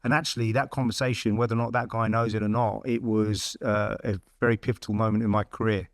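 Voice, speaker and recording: A man's voice: lowish voice, fast talker, no room sound, studio quality. A middle-aged man frankly telling his career story in a casual interview. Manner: blunt, frank, lively retelling with quoted dialogue. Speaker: podcast guest.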